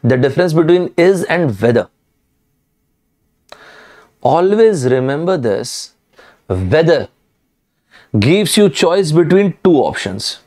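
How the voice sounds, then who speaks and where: A man's voice: on the high side, big pitch swings, slow, pauses often, a little mellow. A man teaching a live online lesson, emphatic and addressing students directly, repeating key words. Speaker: online exam-prep teacher.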